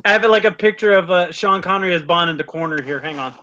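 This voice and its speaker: A man's voice: sits high, fast, sharp tone, muffled recording, slight background noise. A man hosting a live stream, chatting casually and telling jokes, laughing often.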